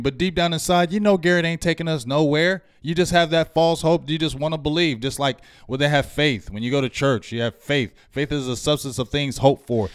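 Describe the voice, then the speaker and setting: A man's voice: fairly high pitch, dry recording, clean studio sound. A man co-hosting a live fan sports show, ranting with preachy fire.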